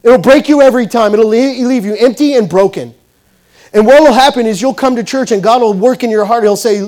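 Pastor guy, kinda high voice, tells a story then goes loud then real quiet. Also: a little fast. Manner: storytelling, swings between loud bursts and quiet asides. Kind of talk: sermon.

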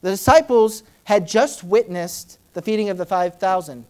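A woman delivers a sermon in a chatty, storytelling way. She leans on fillers and drops her voice low for earnest points, then acts out Bible scenes with sudden high, loud outbursts. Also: normal speed. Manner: dramatic, acting out Bible scenes in shifting voices; conversational, many "you know" fillers. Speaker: preacher.

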